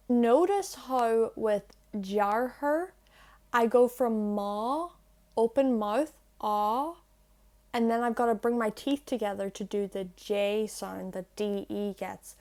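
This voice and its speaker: A young woman explaining pronunciation to camera on her language channel. She is chatty and self-deprecating, and she slows right down to demonstrate sounds. She is recorded on an earphone mic plugged into her phone. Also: fairly high pitch, darkish tone. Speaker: language-learning YouTuber.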